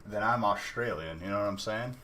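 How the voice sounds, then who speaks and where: A man with a somewhat low voice hosts a live card-opening stream and jokes and teases back at his chat. The crinkle of wrappers and shuffling cards comes through clearly behind him. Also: brisk, sharp tone, slight background noise. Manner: joking, teasing chat viewers. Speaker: livestream card breaker. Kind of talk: casual live-stream banter.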